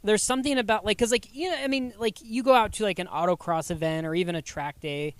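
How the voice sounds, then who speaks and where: A high-pitched man talking easily on a podcast, rambling with plenty of fillers. The sound is dry and close, with no room echo. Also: fast, clean tone. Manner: rambling, laid-back, full of "like" and "you know". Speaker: podcast guest. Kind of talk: casual podcast chat.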